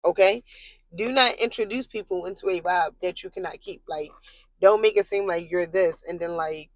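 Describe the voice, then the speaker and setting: A woman telling a long personal story straight to camera in a casual, rambling way, full of fillers and blunt swearing, getting animated when she's worked up. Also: normal speed, rough recording. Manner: animated, jumps high in pitch when worked up.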